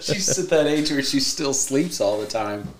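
A man who used to be a radio DJ, chatting as a guest on a podcast. He rambles through his stories and laughs often. His voice sits at an average pitch. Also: animated, moderate pace, a loud crowd. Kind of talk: casual podcast chat.

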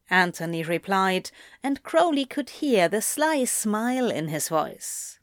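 Slow, dry-voiced woman narrator. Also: medium pitch, sing-song, dry recording. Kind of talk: audiobook reading of fan fiction.

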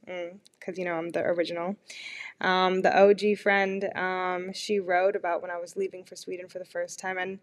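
A woman in her twenties hosting a personal podcast, talking in a candid, rambling and self-mocking way. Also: fairly low pitch. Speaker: podcast host.

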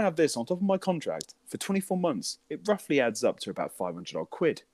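Animated young British man telling a story. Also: fairly high pitch, fairly quick, hardly any pauses. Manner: animated storytelling, swearing, mimics voices and laughs. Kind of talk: casual chat.

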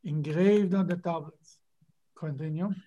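A man's voice: a little high, measured pace, mellow, muffled recording. Man, Bible class teacher, emphatic, rhetorical questions. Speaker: rabbi teaching a Torah class.

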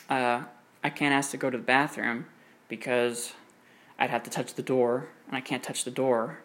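A man's voice: mid-range voice, steady tone, moderate pace, fairly bright tone. A young man hosting his own show, telling a personal story in a casual, rambling way, full of fillers and swearing. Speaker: podcast host. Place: room with air conditioning running.

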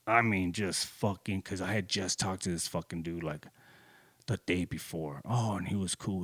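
A man in his thirties telling a personal story in casual, profane speech, getting heated and jumping into higher voices when he quotes people. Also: unhurried, breathy edge, dry recording.

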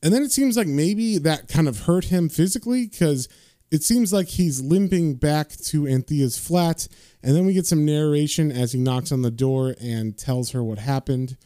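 Male comic reviewer, casual and chatty, fairly high voice, dry close mic. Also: moderate pace, mellow, dry recording. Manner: chatty retelling with fillers.

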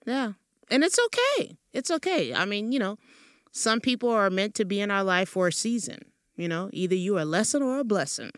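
A woman's voice: mid-range voice, fairly quick, smooth, dry recording, clean studio sound. A woman hosting a podcast, talking in an encouraging, churchy cadence. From American South. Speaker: podcast host. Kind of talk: casual chat.

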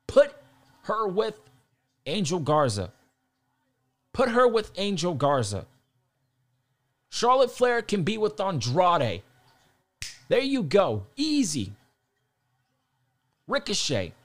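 Young male ranter, fired up and profane, animated delivery in a slightly high voice. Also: slow, pauses often. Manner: swears a lot, fired up, repeats himself. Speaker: wrestling commentator. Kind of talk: heated casual rant.

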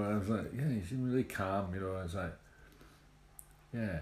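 A man's voice: on the low side, moderate pace, darkish tone. A man reads a daily recovery meditation, then chats reflectively with many fillers. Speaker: recovery group member. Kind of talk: reading a daily meditation, then casual chat. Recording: echoey room.

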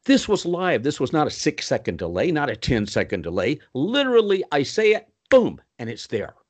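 Animated older male storyteller. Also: normal speed. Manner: animated storyteller with sudden swoops in pitch; puts on Southern voices for quoted people. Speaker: interview guest. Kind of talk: storytelling in a podcast interview.

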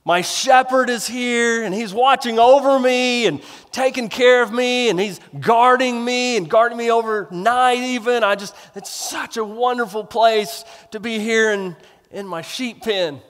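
A man's voice: very high-pitched, unhurried, fairly bright tone, pitched above the performer's own voice. A contented, overconfident male sheep chatters about his pen in a raised, lightly sung-up voice, as a man puts him on. The sound carries a long reverb, as if from a big sanctuary. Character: naive self-satisfied male sheep.

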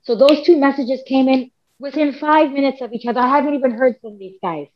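A woman's voice: sits high, brisk. A woman, a podcast guest telling a long story in casual chat, rambling with many fillers and quoted self-talk. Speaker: podcast guest, MMA fighter and coach. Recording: dull lo-fi podcast audio.

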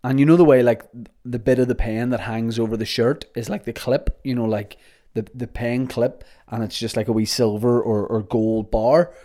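A man's voice: mid-range voice, fairly even intonation, normal speed, dark tone. Male podcast host, casual and jokey, loose rambling storyteller. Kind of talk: casual solo podcast chat.

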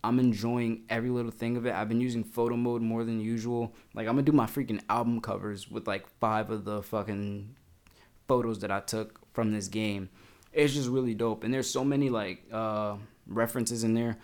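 A man's voice: fairly low pitch, normal speed. Rambling young man gushing about a game. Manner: excitable, rambling, heavy slang and filler "like"; swears casually. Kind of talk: casual gaming vlog chat.

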